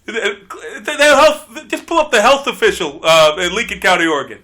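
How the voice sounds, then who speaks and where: A man's voice: high voice, very animated, normal speed, sharp tone. Sex: man. Role: podcast guest host. Style: casual comedic chat. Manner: rambling, brash, laughing.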